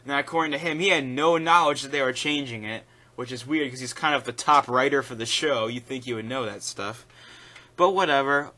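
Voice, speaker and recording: Bright-voiced man giving rambling opinions. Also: medium pitch, a little fast. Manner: rambling, opinionated, with frequent fillers. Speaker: YouTube commentator. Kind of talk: casual opinion commentary.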